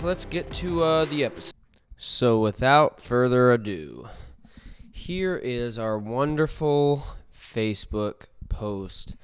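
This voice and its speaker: A man's voice: mid-range voice, clear, resonant tone. A man who is a dog trainer, hosting a casual podcast with rambling, joking talk and many restarts.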